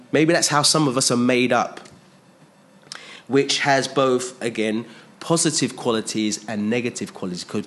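Man, preacher, sermon, emphatic, repeats phrases, rhetorical questions, mid-pitched voice. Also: a bit bright.

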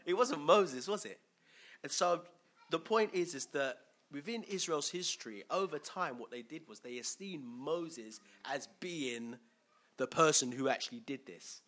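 A preacher with a bright, ringing tone and a voice that sits a little high. He talks to his congregation in a loose, conversational way, quizzing them and chuckling as he goes. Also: animated, measured pace. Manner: chatty, asks the crowd questions, chuckles often. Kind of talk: conversational sermon with questions to the congregation.

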